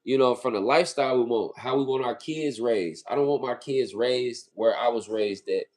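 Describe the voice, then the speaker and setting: A man's voice: medium pitch, moderate pace, darkish tone. A man from California co-hosting a casual livestream, talking earnestly and often repeating phrases. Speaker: livestream co-host.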